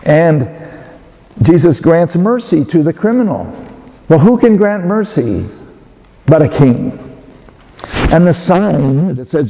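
A man giving a sermon as a pastor, speaking in a measured way with hesitant fillers and restarts. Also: on the high side, big pitch swings, vocal fry, warm tone. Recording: long hall reverb.

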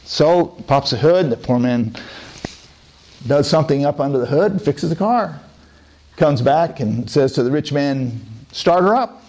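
A man telling parable-like stories in a relaxed, conversational way, then reflecting on them. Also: fairly high pitch, unhurried. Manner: relaxed, conversational storytelling with asides. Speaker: speaker. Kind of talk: storytelling talk.

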